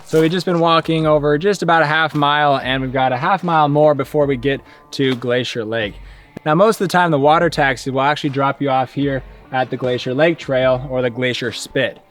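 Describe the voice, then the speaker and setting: A man's voice: medium pitch, brisk, fairly bright tone, faint music behind. A young man narrating an outdoor hiking vlog on a forest trail, chatty and informative, speaking into a handheld camera mic. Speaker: vlogger and hiking guide.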